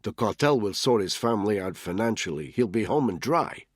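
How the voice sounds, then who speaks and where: A man voicing a cool, aloof male intelligence handler in an audiobook, measured and curt with a lecturing tone and a husky voice. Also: fairly low pitch, animated, no room sound, clean studio sound.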